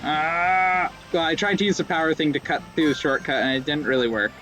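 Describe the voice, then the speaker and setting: A man's voice: a little high, fairly even intonation, brisk, sharp tone, faint music behind. A young man giving casual, rambling, self-mocking commentary while playing a racing game. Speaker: let's play streamer.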